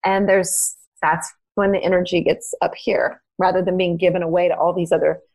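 A woman's voice: on the low side, flat delivery, moderate pace, darkish tone. A woman hosting a podcast, chatting casually and effusively, with lots of fillers and frequent laughter. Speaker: podcast host.

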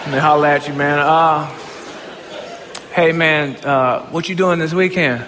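A man giving a humorous, self-mocking storytelling talk as a motivational speaker, often breaking into excited shouts. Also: on the high side, measured pace, in a large hall, a little hiss or hum.

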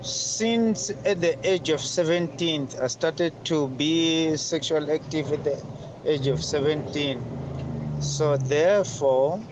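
A man calling in with a voice note, speaking haltingly and hesitantly. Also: a little high. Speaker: caller leaving a voice note. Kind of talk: recorded voice message. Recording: noisy voice note with traffic.

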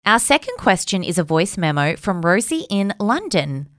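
A woman, co-hosting a casual chat, blunt and lively and swearing freely. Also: mid-range voice, moderate pace, no echo, studio quality, soft background music. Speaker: podcast co-host.

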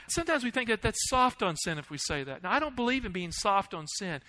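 A man preaching a sermon, asking the congregation questions and swinging between loud, urgent lines and hushed ones. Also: high voice, sing-song, a little fast, poor audio. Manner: asks the audience questions.

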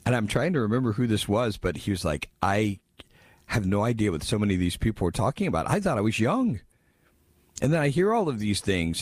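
A male radio host talks with a low, lively voice, jumping between sarcasm and mock surprise as he reads listener texts. He chuckles at his own jabs. The studio sound is close and dry. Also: no room sound. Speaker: radio talk show host. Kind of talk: casual talk radio commentary. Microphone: studio microphone.

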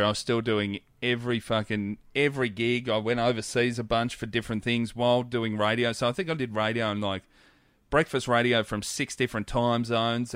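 A comedian chats loosely on a podcast, swearing through his stories. His voice sits at an ordinary pitch, and the close studio mic gives it no room sound at all. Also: smooth, dry recording. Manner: swearing, animated storyteller. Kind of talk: casual podcast chat.

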